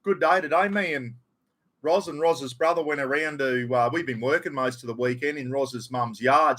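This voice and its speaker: A man's voice: medium pitch, a bit bright. A middle-aged Australian man hosting a casual livestream, greeting viewers by name and chatting about his weekend and the footy. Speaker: livestream host.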